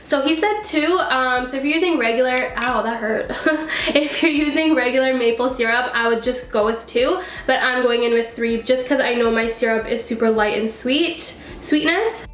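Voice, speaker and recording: Upbeat woman cooking-channel host, high voice, congested and nasal from a cold, chatty with fillers, in a roomy, echoing kitchen. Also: moderate pace, hardly any pauses, fairly bright tone. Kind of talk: casual chatty vlog. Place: home kitchen. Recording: echoey kitchen.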